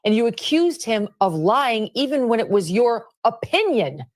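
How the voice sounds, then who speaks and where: A woman's voice: a little high, very animated, moderate pace. A woman giving indignant, emphatic opinion commentary on a news broadcast. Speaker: political commentator.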